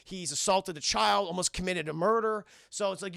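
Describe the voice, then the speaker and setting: A young man with a high, gravelly voice recaps a film to his live chat, cursing and rambling as he keeps calling out to the viewers. His tone is bright and sharp. The sound is close and completely dry. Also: moderate pace, no echo. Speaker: streamer and film reviewer.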